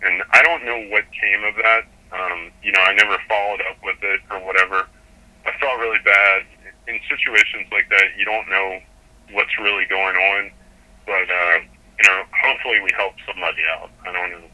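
A man guest in an interview, telling a sailing story in an animated, rambling way with frequent restarts. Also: low voice, moderate pace, poor audio. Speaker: sailor guest.

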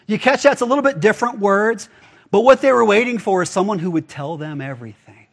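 A man's voice: sits high, fast talker, creaky. A man pastor giving a casual, conversational sermon, full of rhetorical questions to the congregation.

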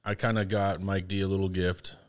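Deep-voiced man co-hosting a casual chat. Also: flat delivery, fairly quick, clean tone. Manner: easygoing, frequent "like" and "right?". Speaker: podcast co-host.

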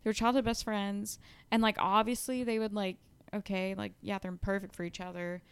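A woman's voice: medium pitch, flat delivery, normal speed, smooth. A young woman co-hosting a podcast, chatting casually and retelling book plots with lots of "like" and "um". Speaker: podcast co-host. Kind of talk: casual chat.

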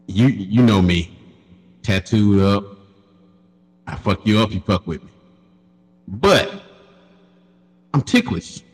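A man telling a crude story in casual chat, laughing often and animated. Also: lowish voice, slow pace, long pauses, big-room sound, low-quality recording.

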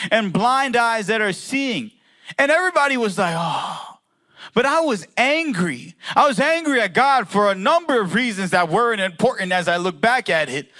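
A young man preaching a personal testimony, his voice pitched very high and ringing bright. He tells the story earnestly, dropping dry, self-mocking remarks along the way. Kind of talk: testimony sermon.

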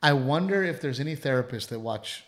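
A middle-aged man co-hosting a casual talk show. He talks in an animated way, jumps into little voices for what others said, and swears freely. His pitch sits in the middle for a man. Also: fairly quick. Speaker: podcast co-host. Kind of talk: casual chat.

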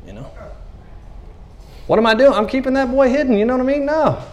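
A man preaching a sermon in a conversational, animated way, acting out the voices of the people in the stories he tells. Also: extremely high pitch, a little fast.

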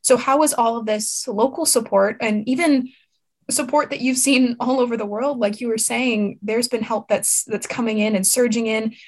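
A woman interviewer with a slightly high voice asks long, sympathetic questions. She gropes for words as she talks, restarting her phrases. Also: fairly even intonation, moderate pace.

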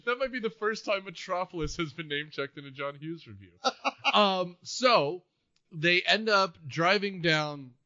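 Man, podcast co-host, bright and a bit high-voiced, lively and jokey, dull dry recording. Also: measured pace, no echo. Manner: animated, laughs often, acts out quotes. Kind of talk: casual movie-review chat.

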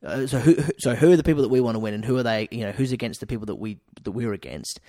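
A man's voice: mid-range voice, expressive, racing, dark tone, no echo. Aussie guy chatting on a podcast, swears a lot, dead dry sound. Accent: Australian. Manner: swears freely, puts on silly voices. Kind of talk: casual podcast chat.

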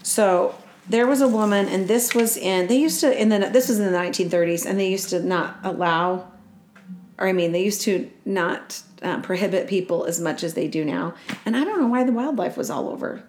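A woman co-host tells a story in a loose, rambling way, cracking jokes and correcting herself mid-sentence. Her voice sits at a medium pitch, and the recording has a roomy echo. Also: fairly quick, darkish tone, a little hiss or hum. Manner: rambling, joking, self-correcting. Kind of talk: casual storytelling chat.

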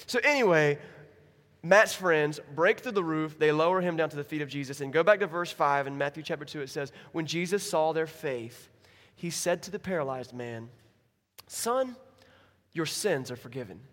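Speaking at a normal speed in a slightly high voice, a pastor preaches in a church with a big-room sound. He tells his stories animatedly and acts out the people in them, quotes included.

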